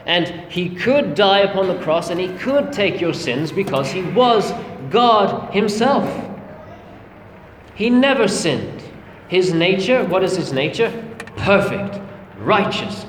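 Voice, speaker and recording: A man's voice: on the high side, lively intonation, a little slow, slight background noise. A man preaching a sermon, earnest and emphatic, calling his listeners friends. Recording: echoey hall with long reverb, faint ambience.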